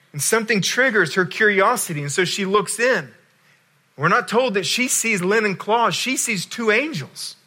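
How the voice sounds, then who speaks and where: A male pastor preaching a sermon, telling a story with swings between loud emphasis and hushed lines. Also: high-pitched.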